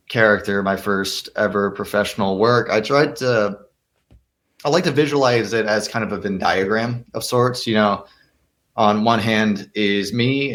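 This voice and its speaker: A young man with a fairly low voice speaks as an interview guest. He is earnest and reflective, pausing to restart his thoughts as he explains his craft. The delivery is measured and sincere. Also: fairly bright tone. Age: young adult. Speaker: actor and guest. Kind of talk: interview answers.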